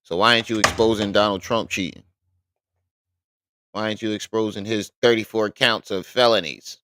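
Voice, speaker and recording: A man's voice: fairly low pitch, steady tone, moderate pace, background noise. A man hosting a live stream, reacting bluntly and with exasperation, swearing often.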